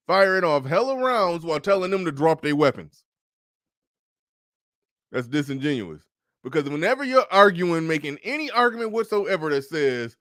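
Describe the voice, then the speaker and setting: A man's voice: on the high side, no room sound, clean studio sound. A man hosting a casual livestream, commenting emphatically, repeating phrases and stumbling on restarts as he reads out super chats.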